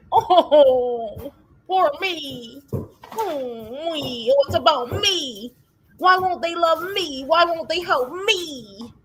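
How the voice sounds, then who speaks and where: A woman's voice: extremely high pitch, fairly bright tone, voice pushed up. A woman doing a sarcastic, whining impression of a self-pitying young mother who sobs. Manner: sobbing mock whine, sarcastic.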